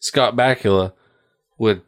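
A man's voice: lowish voice, takes it slowly. A man co-hosting a podcast, casual chat, crude and joking, laughing often and swearing a lot. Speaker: podcast co-host.

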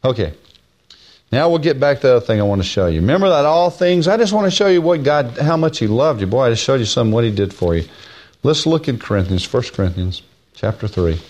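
Preaching a folksy Bible-teaching sermon in plain words, a man leans hard on key phrases and draws them out slowly. His pitch swings widely, climbing high on the stresses and sinking into quiet, low asides between them.

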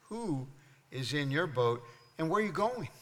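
A man preaching a sermon as pastor, leading the congregation in call-and-response, rising loud and high on his questions and dropping soft on quiet lines. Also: big pitch swings, unhurried. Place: church sanctuary. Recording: long hall reverb.

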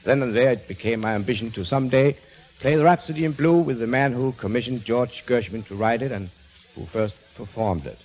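A comedian and pianist with a brisk, darkish, medium-pitched voice delivers a comic monologue, chuckling as he reads a silly passage and slips numbers in place of words. The old radio recording sounds dull, lo-fi, and noisy.

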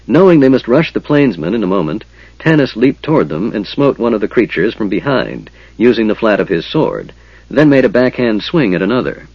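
This fantasy audiobook is narrated by a man with a husky, low voice who keeps an even, measured rhythm. The sound is dry, somewhat dull, and free of room sound.

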